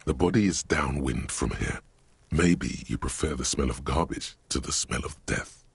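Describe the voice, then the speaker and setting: A man's voice: extremely low pitch, moderate pace, vocal fry, breathy edge, exaggerated voice. A man voicing a grim, sardonic game narrator who describes the scene in dry, ominous tones.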